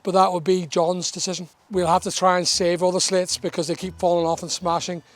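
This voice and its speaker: A man's voice: sits high, flat delivery, fairly quick. A man vlogging outdoors at a building site, chatty and explaining things as he goes, with teasing asides. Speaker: vlogger renovating a property. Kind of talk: casual walk-around vlog.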